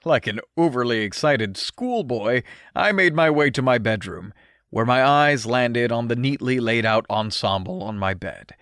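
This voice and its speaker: A man narrating an audiobook in an expressive first-person storytelling manner, recorded on a close studio mic. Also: medium pitch, dry recording.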